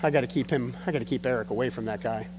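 A man voicing an anxious young mother who mutters in low, worried tones. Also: racing, darkish tone, lightly acted. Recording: long hall reverb with faint hum.

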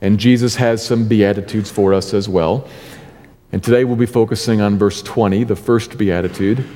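A man preaching a sermon as pastor, deliberate and leaning on key words, slowing down to read scripture. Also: fairly low pitch, fairly even intonation, dark tone, long reverb tail.

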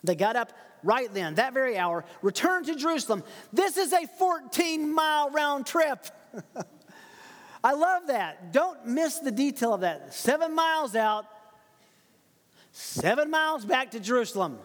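A high-pitched man preaching through a passage with lively emphasis and frequent laughter. His voice rings with the long reverb of a large hall. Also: a little slow. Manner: animated, laughs often, emphatic quotes. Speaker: pastor. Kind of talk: expository sermon.

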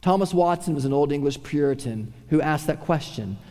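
A man's voice: fairly high pitch, animated, fairly quick. Man preaching in a reverberant hall. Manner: preaching with sweeping swings from raised voice to hushed tones. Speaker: pastor. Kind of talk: sermon.

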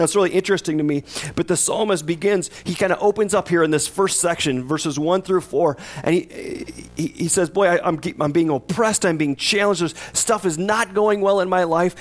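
A male pastor delivers a sermon in a conversational way, with a voice pitched a little high for a man. He keeps turning to his listeners with questions. When he voices the psalmist, his words build in intensity. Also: normal speed. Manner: conversational, asks the congregation questions; acts out the psalmist's voice with rising intensity.

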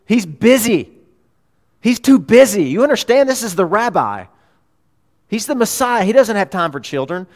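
A man's voice: high voice, big pitch swings, moderate pace, voice pushed up. A man playing a bossy, scolding disciple. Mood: impatient. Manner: impatient, scolding, loud. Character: bossy, protective adult male disciple shooing children.

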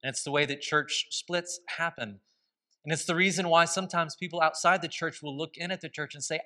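A man's voice: fairly high pitch, steady tone, brisk, sharp tone. A man preaching a sermon as pastor, telling stories with a conversational, humorous manner.

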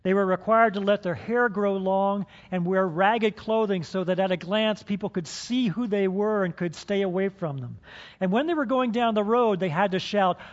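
A man's voice: sits high, normal speed. A man preaching a sermon to his congregation, playful and dramatic as he stages a role-play with them in a church hall. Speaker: pastor. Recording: dull sound with long hall reverb.

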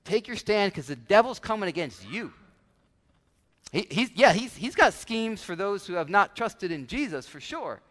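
A male pastor preaching a sermon with animated delivery, now and then acting out everyday voices to make his point. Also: sits high, moderate pace. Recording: long church hall reverb.

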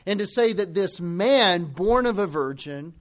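A man delivers a sermon in a fairly high voice. He talks emphatically and stretches out the phrases he wants to drive home. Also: animated, a bit bright. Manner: emphatic, slows down to stress key phrases. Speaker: preacher.

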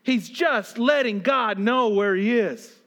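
A male pastor with a very high voice delivers a sermon. He moves from hushed, almost whispered lines to loud, pleading calls. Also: takes it slowly. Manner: dynamic preaching, swinging from loud pleading to hushed near-whispers.

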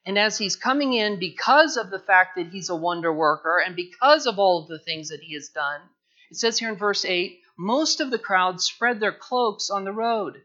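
A man preaching a sermon in an earnest, emphatic way, his voice high and bright with a forceful edge. He leans on repeated phrases as he builds his points. The recording sounds dull and lo-fi. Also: moderate pace. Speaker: pastor.

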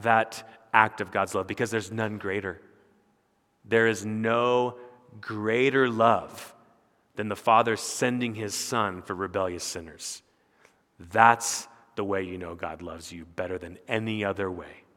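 A pastor preaching a sermon with earnest, emphatic delivery that rises and falls. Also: male voice, on the low side, bright, forceful tone, big-room sound.

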